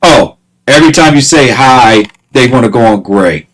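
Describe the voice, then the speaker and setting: Animated, exasperated man ranting. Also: medium pitch, moderate pace, low-quality recording. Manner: animated, exasperated, repeats himself, laughs often. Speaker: vlogger. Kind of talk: casual ranting monologue.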